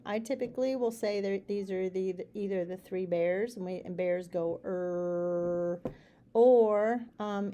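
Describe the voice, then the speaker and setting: A middle-aged woman teacher explaining letter chunks in a phonics lesson, patiently repeating each sound slowly and clearly. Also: medium pitch, dark tone. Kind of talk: phonics lesson for students and parents.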